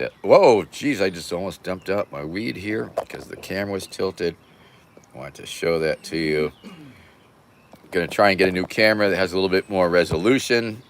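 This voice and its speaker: A man's voice: deep voice, normal speed, slight background noise. An older man hosting a casual livestream, rambling loosely and irreverently as he thanks viewers by name. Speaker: livestream host. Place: home, near a porch.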